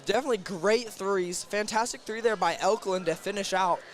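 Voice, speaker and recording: Young guy calling hoops, high pitched, loud crowd and music in the gym. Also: normal speed. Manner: excited, shouts on big plays. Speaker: play-by-play announcer. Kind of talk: sports commentary. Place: school gym.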